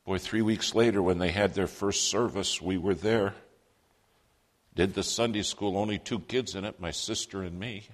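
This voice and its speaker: A man with a low, steady voice tells a story from the pulpit. His speech rings with the long reverb of a large hall. He quotes other people in his own voice. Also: normal speed. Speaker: preacher telling a personal story. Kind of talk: sermon storytelling.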